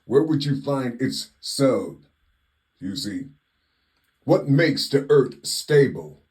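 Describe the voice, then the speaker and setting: A man giving a slow spiritual monologue, asking drawn-out rhetorical questions and repeating "you see" constantly. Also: mid-range voice, very animated, a little mellow. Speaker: spiritual teacher.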